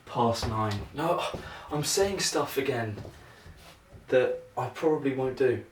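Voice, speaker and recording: A young man vlogging casually while he practises juggling, thinking out loud in a rambling, self-mocking way. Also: medium pitch, slow. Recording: echoey room, mic at a distance, noisy.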